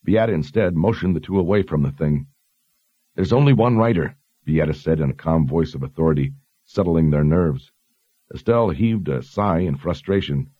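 A man narrating a fantasy novel in a measured, even storytelling manner. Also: a bass voice, no room sound, highs cut off. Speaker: audiobook narrator.

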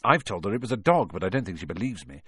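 A man's voice: fairly low pitch, very animated, fast, fairly bright tone, slightly rough, dry recording, exaggerated voice. A jittery, anxious schoolboy whose voice leaps up in alarm, voiced by a man. It is recorded close and dry, and it swings widely up and down. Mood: worried. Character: young boy wizard, panicky and anxious.

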